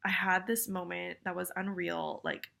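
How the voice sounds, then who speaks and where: A woman's voice: fairly low pitch, level tone, moderate pace, creaky, sharp tone. A young woman with a cold, talking in a rambling, self-deprecating way full of fillers and apologies in a casual video message. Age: young adult. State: congested with a cold, sniffly. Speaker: vlogger.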